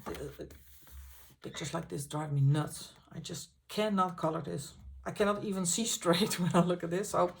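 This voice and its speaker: A woman, hosting a colouring channel and paging through her books in a casual, enthusiastic way, pausing often on fillers. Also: lowish voice, steady tone, vocal fry. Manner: enthusiastic, halting with frequent fillers. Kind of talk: casual book flip-through.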